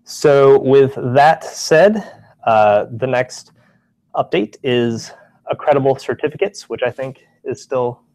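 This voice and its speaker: A man on staff giving a casual office-hours update, relaxed, with many ums and restarts. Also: mid-range voice, slow pace, no room sound. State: briefly out of breath. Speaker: staff presenter.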